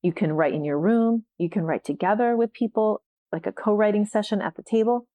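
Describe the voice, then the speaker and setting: A woman's voice: mid-range voice, fairly quick, dark tone. Chatty woman podcast host. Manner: chatty, laughs often, fillers like "like" and "you know". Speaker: podcast host and writing coach. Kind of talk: casual solo podcast talk.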